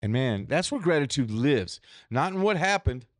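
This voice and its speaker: A man's voice: mid-range voice, big pitch swings, normal speed, no room sound, studio quality. A man hosting a solo podcast, talking in a candid, profane, rambling way with restarts. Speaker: podcast host. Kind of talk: solo reflective podcast monologue.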